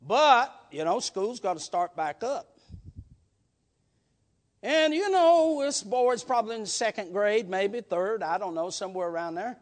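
A man preaching a storytelling sermon in a folksy way, repeating words as he builds up to shouts. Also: sits high, animated, measured pace.

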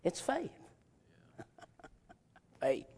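A man preaching a sermon in a church, moving from soft, chuckling asides to impassioned shouting. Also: very slow. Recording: long reverb in a large hall.

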